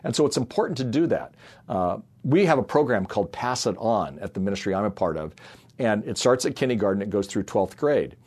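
Middle-aged male ministry speaker, low voice, earnest family-story sermon. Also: expressive, a little fast, darkish tone, breathy edge. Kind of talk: sermon-style talk with personal stories.

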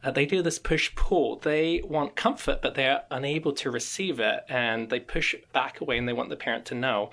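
A middle-aged man speaking in a calm, conversational voice with a gravelly, creaky edge. He tells stories at an even pace as he hosts a reflective talk on psychology. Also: mid-range voice, moderate pace, few pauses. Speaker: host.

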